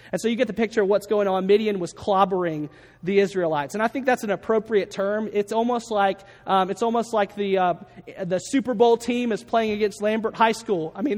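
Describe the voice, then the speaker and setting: A man preaching a sermon as pastor, telling a story and acting out the voices of the people in it. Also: high voice. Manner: storytelling, acts out quoted voices. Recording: long reverb.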